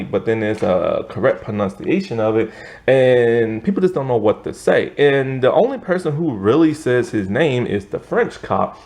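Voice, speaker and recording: A young man from the United States talks through a film in a loose, rambling review. He stumbles over names and restarts his sentences often. His pitch is lively and swings widely as he goes. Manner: rambling, hesitant, many fillers and restarts. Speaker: movie reviewer. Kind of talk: casual movie review.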